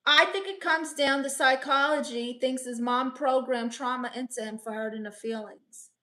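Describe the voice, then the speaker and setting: Sassy woman with a slightly high voice. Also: moderate pace, hardly any pauses, bright, forceful tone. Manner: blunt, teasing, playfully sassy. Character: brash advice-giving aunt persona. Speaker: comedian hosting a live stream. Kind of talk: casual live-stream chat, reading viewer comments.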